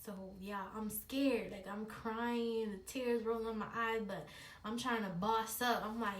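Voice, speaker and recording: A woman vlogger with a slightly high, fairly even voice tells a personal story a little slowly, chatty and slangy, speaking directly to her viewers in a casual storytime. The room is echoey, the mic distant, and there's a faint hiss.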